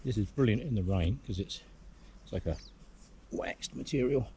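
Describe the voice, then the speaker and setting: This English-accented hiking vlogger has a fairly low, mellow voice with vocal fry, speaking at normal speed. Outdoors on a hillside, he rambles casually to the camera, thinking aloud with plenty of hums. A faint hiss or hum is audible.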